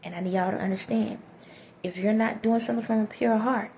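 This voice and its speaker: A woman vlogger with a soft voice giving direct, preachy life advice to her viewers, often checking in with the listener. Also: on the high side, steady tone, a little fast, creaky, a little hiss or hum. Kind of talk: direct-to-camera motivational talk.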